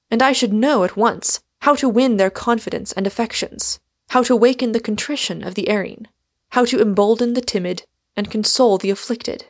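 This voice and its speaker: A woman narrating an audiobook in the first person, in a measured, earnest manner. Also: medium pitch. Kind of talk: scripted narration.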